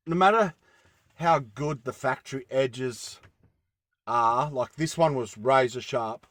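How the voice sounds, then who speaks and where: A man's voice: mid-range voice, fairly bright tone, no room sound. A man vlogging casually from inside his van, rambling enthusiastically with lots of fillers as he shows off his gear. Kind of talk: casual show-and-tell vlog.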